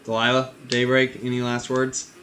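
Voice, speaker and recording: A man narrating as game master of a tabletop role-playing game, relaxed and halting with many fillers. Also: mid-range voice, a little hiss or hum.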